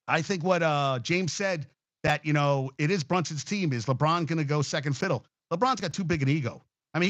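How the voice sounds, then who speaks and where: A man's voice: a little high, a bit bright, no echo. A man hosting a casual sports talk show, rambling, swearing freely and getting emotional as he talks.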